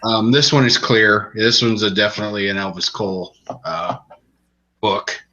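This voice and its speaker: A man with a low voice and a sharp, forward tone recaps a crime novel on a podcast in loose, rambling chat. The recording is muffled and lo-fi. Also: moderate pace. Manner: relaxed, rambling storytelling with restarts. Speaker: podcast co-host reviewing books. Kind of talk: casual chat.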